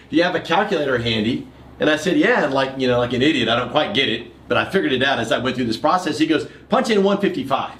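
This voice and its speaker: A man from San Antonio, a guest broker on a podcast, quickly retelling an old deal in a casual chat. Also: mid-range voice, expressive, a bit bright, reverberant. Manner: quick, chatty, quotes a partner's dialogue. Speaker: guest, commercial real estate broker.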